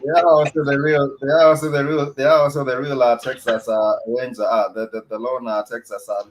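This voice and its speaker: A man's voice: mid-range voice, flat delivery, fairly quick, slight background noise, rough recording. A man hosting an online talk show, speaking hesitantly with many fillers and repeated words. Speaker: host. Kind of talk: casual chat.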